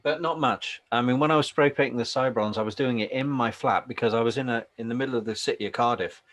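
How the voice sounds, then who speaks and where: A man's voice: mid-range voice, quick pace, a bit bright. A man talking casually as a guest writer and voice performer over a video call, chatty and slipping into impressions. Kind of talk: casual conversation.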